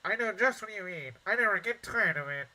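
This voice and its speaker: Nasal young knight voiced by a man, earnest, bookish, very high, sharp bright tone, game dialogue read aloud. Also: animated, a little fast, heavily acted, poor audio. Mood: eager.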